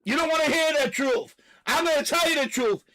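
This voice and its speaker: A man hosting a live stream, delivering a loud, profane, repetitive rant and stopping now and then to catch his breath. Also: very high-pitched, brisk, poor audio. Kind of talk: ranting live stream monologue.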